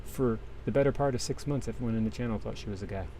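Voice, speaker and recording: Talking very fast in a dark, medium-pitched voice, a livestream host chats casually while working thread on a cross-stitch. His talk wanders with many restarts, and his desk microphone carries slight background noise.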